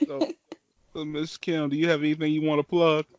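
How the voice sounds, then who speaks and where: A man's voice: fairly high pitch, brisk, dry recording, dull audio. A man hosting a podcast, joking and chatting casually with a guest. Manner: jokey, animated, laughs often. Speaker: podcast host. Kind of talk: casual chat.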